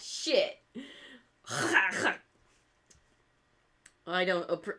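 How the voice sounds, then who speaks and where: A woman's voice: medium pitch, lively intonation, slow, pushed and bright. Nasal, stuffed-up woman streamer. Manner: joking, laughing, swearing casually. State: stuffed up with congestion. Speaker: streamer making craft magnets. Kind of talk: casual live-stream chat with viewers.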